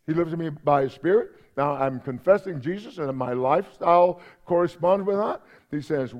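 Man, pastor, sermon, conversational, repeats phrases, slightly high voice, dull lo-fi recording. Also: expressive, normal speed, few pauses, a little mellow. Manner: conversational preaching with repetitions and asides to the congregation.

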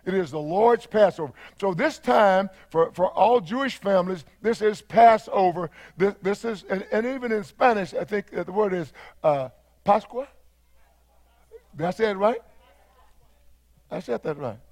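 A man with a Texan accent preaching a sermon as pastor, repeating phrases and rising to fervent shouts. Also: high voice, expressive, normal speed.

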